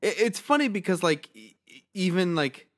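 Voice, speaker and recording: A man co-hosting a podcast in casual chat, slightly hoarse, telling stories with lots of swearing and laughter. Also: sits high, normal speed. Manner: animated storytelling, swears freely, laughs a lot. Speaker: podcast co-host.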